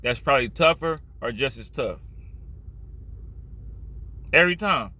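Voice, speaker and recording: A man's voice: mid-range voice, expressive, measured pace, bright, forceful tone. A man from Richmond, California, with a Californian accent, giving blunt, profane, rambling street commentary in a casual vlog.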